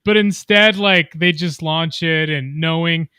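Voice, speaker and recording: A man's voice: on the high side, a little slow, sharp tone, clear, resonant tone, dry recording. A man co-hosting a podcast in casual chat, eager and opinionated. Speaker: podcast co-host.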